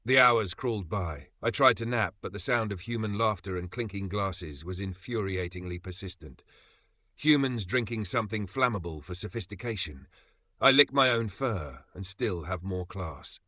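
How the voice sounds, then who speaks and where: A man's voice: low voice, sharp tone, dry recording. Dry, sarcastic male storyteller. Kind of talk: scripted narration as a sarcastic cat.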